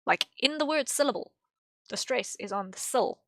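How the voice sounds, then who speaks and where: A woman's voice: on the high side, lively intonation, moderate pace, a bit bright, dry recording. A young woman streaming while she draws, rambling casually with lots of fillers and small laughs. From English-speaking. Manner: rambling, thinking aloud with many fillers and laughs.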